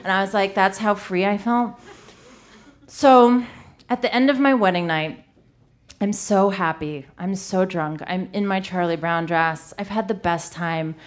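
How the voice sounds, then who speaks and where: With a steady, mid-range voice at a slightly slow pace, a woman in her thirties shares a comic story from her own life on stage. She pokes fun at herself and fills her speech with "like."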